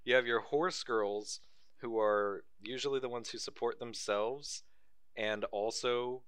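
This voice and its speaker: A man's voice: medium pitch, steady tone, a little slow, fairly bright tone, smooth, dry recording, studio quality. A young man on a podcast, joking bluntly and swearing in casual chat. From United States. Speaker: podcast co-host.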